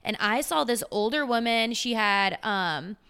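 A woman's voice: on the high side, lively intonation, unhurried, sharp tone, smooth. A woman in her twenties, a fitness trainer, chatting on a podcast in an enthusiastic, slangy way with lots of "like". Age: 20s. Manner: enthusiastic, filler-heavy, uses slang. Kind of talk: casual podcast chat.

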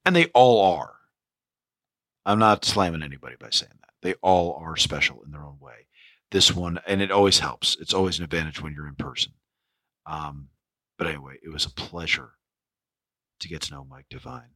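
Man, podcast host, very low voice, hoarse, rambling with lots of ums, dry close sound. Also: lively intonation, moderate pace, bright, forceful tone, dry recording. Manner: rambling, full of fillers and restarts. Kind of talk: spoken podcast intro.

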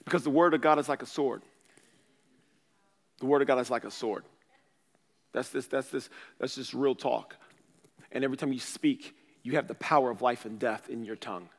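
A man, a pastor, preaching a sermon in a casual, conversational way, swinging between loud bursts and quiet asides. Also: mid-range voice, moderate pace, pauses often, in a large hall.

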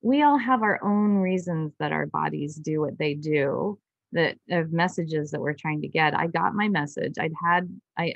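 A woman's voice: low-pitched, creaky, dry recording, lo-fi sound. Earnest woman telling a personal story. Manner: earnest, emotional, with frequent restarts. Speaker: guest doctor. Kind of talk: personal storytelling in a podcast interview.

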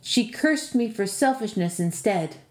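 A woman's voice: expressive, unhurried, reverberant, natural voice. A woman voicing a boastful young man from Fife in a storybook, speaking eagerly in a raised voice. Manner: eager, high and pleading. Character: boastful young lad from Fife, later terrified.

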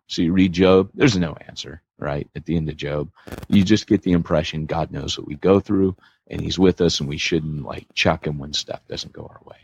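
A man co-hosting a podcast, telling stories in a casual, animated way with lots of fillers. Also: a bass voice, moderate pace, creaky, breathy edge, no room sound, muffled recording. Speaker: podcast host.

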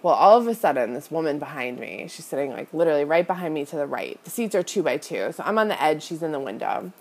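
A woman's voice: deep voice, sing-song, fast. A woman hosting a podcast, telling a personal story in a chatty, confessional way, full of "like" and "you know", and talking straight to her listeners. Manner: confessional, addresses listeners directly. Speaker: podcast host and business coach. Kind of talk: casual storytelling monologue.

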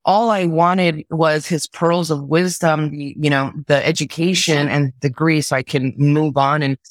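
Casting note: woman from southern california, earnest, halting delivery, dry close sound. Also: sits low, fairly even intonation, no echo. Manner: earnest, halting, repeats words when moved. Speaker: guest, orchestra conductor. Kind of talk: personal storytelling in an interview.

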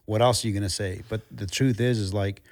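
A man with a fairly low voice runs a relaxed interview. He asks frank, reflective questions and shares his own doubts plainly. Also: brisk. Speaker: podcast interviewer. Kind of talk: conversational interview.

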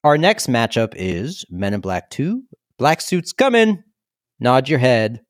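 Podcast co-host, male, lively up-and-down delivery, laughs a lot, dry booth sound. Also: mid-range voice, slow pace, dry recording. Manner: laughs often, animated. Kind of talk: casual chat.

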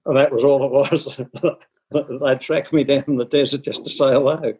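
An older man being interviewed, telling stories from his time running cricket, halting and full of restarts. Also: medium pitch, fairly even intonation, darkish tone, breathy edge, poor audio. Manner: halting, with many restarts and fillers. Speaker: interviewee, former cricket administrator. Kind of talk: anecdotal storytelling in interview.

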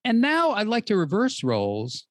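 A woman hosting a talk show, earnest and encouraging, with some halting restarts. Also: medium pitch, wildly swooping pitch, no echo, studio quality. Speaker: host.

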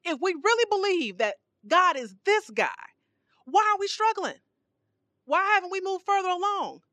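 A woman's voice: very high-pitched, moderate pace, dry recording, clean studio sound. A woman preaching a sermon on a podcast, emphatic and full of rhetorical questions, her voice rising and dropping. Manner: emphatic, rhetorical questions, animated swings in volume.

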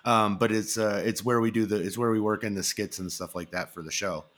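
A man's voice: fairly low pitch, fairly even intonation, fairly quick, fairly bright tone. A man hosting a podcast, chatting casually and rambling through stories with lots of fillers and restarts. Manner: rambling storyteller, many fillers and restarts, acts out quotes. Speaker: podcast host. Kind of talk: casual chat.

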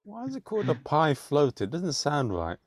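A man's voice: fairly high pitch, wildly swooping pitch, moderate pace, no room sound, studio quality. A man hosting a podcast, joking and laughing often in casual chat. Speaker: podcast host.

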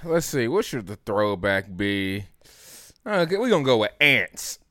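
A man's voice: on the low side, sing-song, unhurried, bright, forceful tone. A young man co-hosting a casual podcast, playful and teasing, laughing a lot. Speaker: podcast co-host.

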